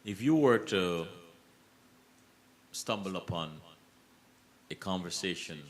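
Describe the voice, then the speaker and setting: Chill guy host, low voice but bright, takes his time. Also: animated, takes it slowly. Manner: easygoing, chuckling. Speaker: interview host. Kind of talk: casual interview.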